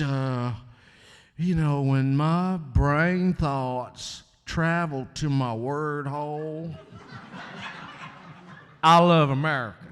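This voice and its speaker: A man doing a comic impression of a folksy male politician with a Texan accent, speaking slowly and losing his train of thought. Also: on the high side, clear, resonant tone, long reverb tail, pitched above the performer's own voice. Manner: slow, drawling, lost mid-sentence.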